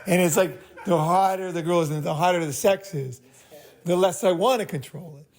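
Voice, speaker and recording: A man's voice: high-pitched, a little fast, darkish tone. A man hosting a group meeting, giving blunt, profane advice in a rambling way and checking in with "right?" after each point. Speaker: host leading a group meeting. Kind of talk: casual group talk, advice.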